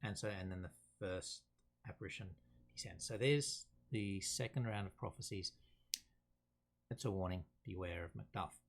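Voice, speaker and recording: A casual man talks students through a play, stopping to read quotes aloud. His voice sits fairly low and carries a gravelly fry. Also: normal speed. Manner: casual, reads quotes aloud between explanations. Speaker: teacher.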